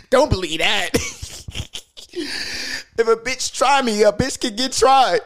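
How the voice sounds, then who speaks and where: A man's voice: very high voice, extremely slow, slight background noise. A young man telling a story casually and profanely, acting out the voices he quotes. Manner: animated, loose and profane, acts out quoted voices.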